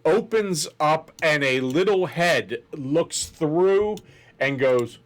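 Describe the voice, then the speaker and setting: Slow, deliberate game master man. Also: a little high, expressive, slight background noise. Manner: deliberate, descriptive. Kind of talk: narrating a tabletop game.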